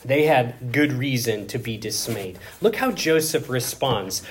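A man preaching a sermon, reading scripture aloud with dramatic swings between loud emphasis and hushed asides. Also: medium pitch, lively intonation, normal speed, hardly any pauses.

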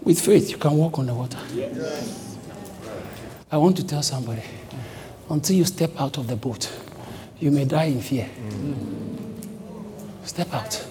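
A man preaching a sermon as pastor, repeating short urgent commands and building up to shouts. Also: a little high, measured pace, pauses often. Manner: repetitive exhortation, rising to shouts. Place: church. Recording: long hall reverb, faint background noise.

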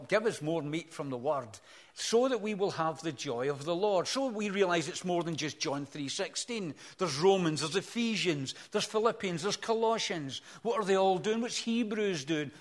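An older man preaching a sermon as pastor, earnest, swelling to emphatic peaks, then dropping soft and slow. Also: a little high.

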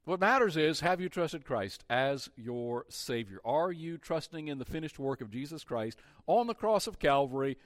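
A man preaching a sermon as pastor, earnest and measured, often pausing on "uh" and restarting his phrases. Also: fairly high pitch, expressive, dry recording, studio quality.

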